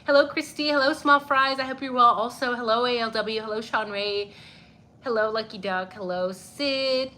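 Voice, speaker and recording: Chatting on a casual livestream, a young woman reads out comments, greets viewers by name and curses freely. Her fairly high voice sounds pushed and bright, slightly stuffy, at normal speed.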